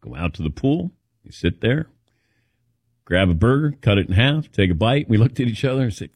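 Animated man telling stories on air. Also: fairly low pitch, a little fast, dry recording, clean studio sound. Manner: animated anecdotes, quotes others in voices. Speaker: radio show host. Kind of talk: casual storytelling chat.

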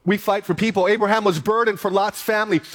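A pastor preaching to his church, reading scripture aloud slowly and then building to an emphatic appeal. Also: high voice, steady tone, a bit bright. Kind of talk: sermon.

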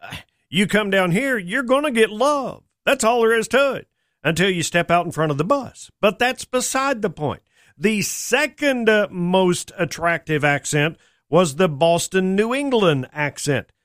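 A man's voice: sits high, a bit bright, no room sound, studio quality. A man hosting a country radio show, chatting in a folksy, joking way. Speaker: radio host. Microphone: studio microphone.

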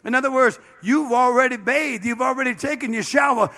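A man's voice: extremely high pitch, a little fast, creaky, bright, forceful tone. A man, a bishop, preaching a sermon with passion, dropping frequent amens and calling out to the congregation. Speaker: bishop and pastor.

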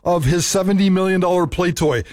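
A man's voice: high-pitched, brisk, a little mellow, no echo. A man co-hosting a sports radio show, casually plugging upcoming segments. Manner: upbeat, promoting upcoming segments.

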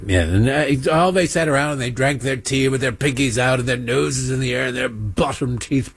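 A man's voice: mid-range voice, moderate pace, creaky, few pauses, slightly rough, dry recording. A man hosting a political talk show. He delivers a sarcastic, mocking monologue and keeps slipping into impressions.

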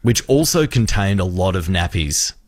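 A radio host telling a story with animated delivery, acting out the people in it. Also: male voice, sits low, moderate pace, dry recording, studio quality. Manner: animated storyteller, acts out voices.

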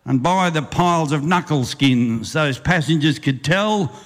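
An older Australian man, a bush poet and compere, reciting a rhyming yarn with a lively rhythm and chuckles before chatting to a live audience. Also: on the high side, measured pace. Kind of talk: recited rhyming bush poem, then stage banter. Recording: live stage recording with long reverb.

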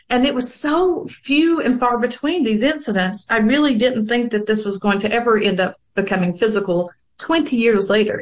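A woman's voice: a little high, muffled recording. A woman sharing her personal experience in a panel discussion, earnest and reflective, with frequent fillers. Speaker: guest sharing her own story of abuse.

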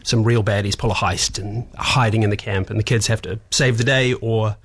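A man, a guest in a radio studio, telling stories in an animated way, acting out what people said. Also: on the low side, brisk. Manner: animated storyteller, acts out quotes, laughs often. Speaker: actor and writer guest. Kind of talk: casual chat.

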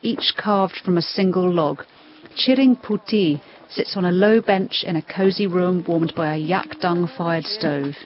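A woman's voice: on the low side, measured pace, highs cut off. A woman reporter narrating a documentary on location, descriptive and awed, slightly out of breath. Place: outdoors in a mountain village.

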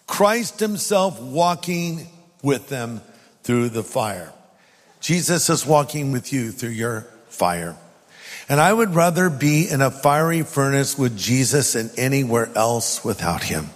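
A man, a pastor, preaching a sermon and reading scripture aloud with emphatic pauses. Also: medium pitch, very animated. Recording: long hall reverb.

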